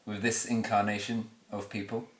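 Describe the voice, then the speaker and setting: A young man hosts a comedy podcast, teasing his guest and cutting in with quick questions. His voice is fairly low for a man. The room around him is echoey. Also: little pitch movement. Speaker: podcast host.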